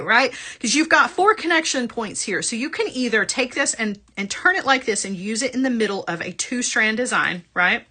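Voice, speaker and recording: A woman's voice: a little high, animated, fairly quick, few pauses, sharp tone, husky. A woman hosting a live jewelry-supply sales show, chatting upbeat and often tagging her sentences with "right?". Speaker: host of a live shopping show.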